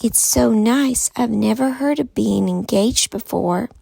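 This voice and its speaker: A woman's voice: a little high, measured pace, creaky, dark tone, husky, no echo, voice pushed up, full character voice. A woman voicing a prim young schoolgirl in a read-aloud storybook, with a lilting, raised voice. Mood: devoted.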